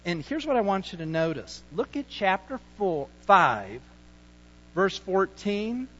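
A male pastor preaching a sermon, emphatic, with sudden shifts between loud points and quiet asides. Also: sing-song, measured pace, dull audio. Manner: acts out sheepish excuses in a low mutter.

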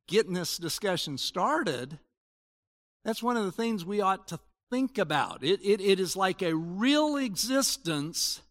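Bright high-voiced pastor in his sixties. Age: 60s. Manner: conversational preaching, swinging between loud emphasis and quiet asides. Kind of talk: sermon.

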